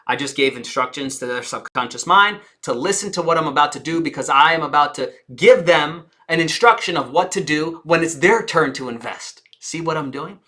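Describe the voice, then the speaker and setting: A woman speaking coach teaching a live audience, theatrical and engaging, who deliberately slows down, drops her volume and pauses for effect, and puts questions to the listeners. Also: sits low, expressive, fairly bright tone. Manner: theatrical, shifts pace and volume on purpose, dramatic pauses.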